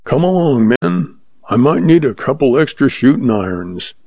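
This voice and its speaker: A man reading a slow-witted, blustering small-town sheriff in a western audiobook. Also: medium pitch, sing-song, mellow, no echo, lo-fi sound, pitched above the performer's own voice. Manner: blustering, then meek. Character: dim, flustered middle-aged male sheriff.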